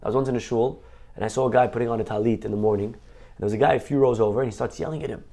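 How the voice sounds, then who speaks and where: A man, a rabbi, giving an animated sermon and acting out other people's voices. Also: mid-range voice, very fast. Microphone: online class mic.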